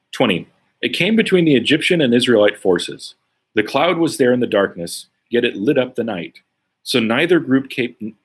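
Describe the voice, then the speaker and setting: A man's voice: fairly low pitch, slightly rough. A man leading a casual Bible study, reading scripture aloud and commenting conversationally with frequent "right?" tags. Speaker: Bible teacher.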